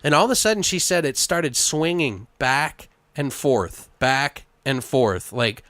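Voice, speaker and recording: A man's voice: mid-range voice, lively intonation, measured pace, fairly bright tone, no room sound. A man hosting a podcast, telling a long story in casual chat, rambling and swearing freely. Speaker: podcast host.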